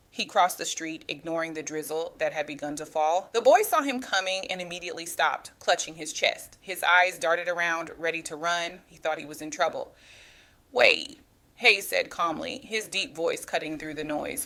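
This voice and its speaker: A woman's voice: low voice, moderate pace, hardly any pauses, pushed and bright. A woman narrating a dramatic story aloud, reading with small stumbles and restarts.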